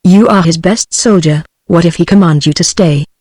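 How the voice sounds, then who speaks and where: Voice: mid-range voice, moderate pace, darkish tone, no echo, lightly acted. A synthetic voice reading a chatty old village uncle. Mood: wondering. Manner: plain synthetic reading, no voice change.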